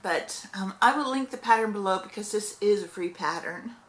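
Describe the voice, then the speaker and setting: A woman's voice: medium pitch, moderate pace, fairly bright tone. A middle-aged woman hosting a casual crochet vlog, rambling with many fillers and correcting herself as she goes. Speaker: crochet vlogger. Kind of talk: casual crochet show-and-tell.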